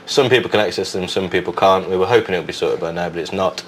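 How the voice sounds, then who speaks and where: A man's voice: deep voice, quick pace, a little hiss or hum. A British man explaining website trouble to the presenter in an apologetic manner.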